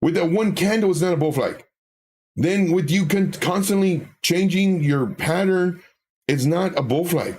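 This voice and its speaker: A man's voice: high voice, a little slow, darkish tone, breathy edge. A man co-hosting a live stream, reading viewer comments and talking candidly, with many fillers and self-corrections.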